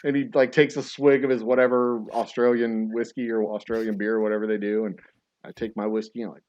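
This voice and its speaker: A man's voice: medium pitch, fast talker, no room sound, highs cut off. A man hosting a podcast, chatting casually, telling stories animatedly and laughing often. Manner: animated storyteller, laughs a lot, acts out scenes. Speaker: podcast host. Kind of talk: casual chat.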